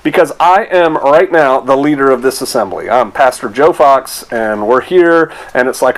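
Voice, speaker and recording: A man's voice: mid-range voice, normal speed, hardly any pauses, poor audio. A middle-aged man, a pastor, preaching a sermon in a conversational, rambling way with rhetorical asides.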